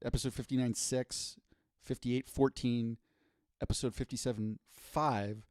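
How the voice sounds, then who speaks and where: A man co-hosting a podcast in casual chat, playful and quick to riff on jokes. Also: mid-range voice, fairly even intonation, a little mellow, no echo. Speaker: podcast co-host.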